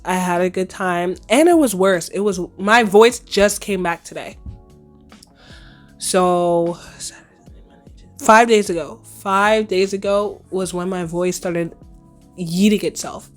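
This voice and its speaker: Hoarse young woman chatting on her podcast. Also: on the low side, slow pace, soft background music. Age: 20s. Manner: chatty, playful slang, laughs often. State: hoarse, recovering lost voice. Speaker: podcast host. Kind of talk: casual solo podcast chat.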